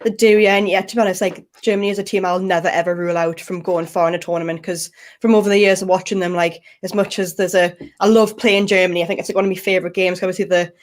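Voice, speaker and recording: A giggly, chatty woman co-hosting a relaxed football talk show. She rambles happily with plenty of "like" and "obviously" fillers. She often laughs along with her co-host. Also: lowish voice, fast talker, hardly any pauses. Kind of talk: casual chat.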